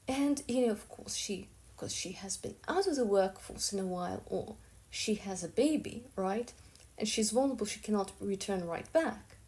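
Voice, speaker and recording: A woman's voice: mid-range voice, a little slow, dark tone. A woman giving an emphatic monologue commentary, acting out quoted speakers in a raised voice.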